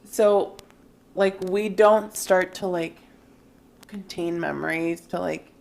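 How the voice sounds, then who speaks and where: Giggly low-voiced young woman, gravelly. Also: fairly even intonation, slow, darkish tone. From Mexico. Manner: giggly, chatty, lots of "like". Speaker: podcast co-host. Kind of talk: casual chat.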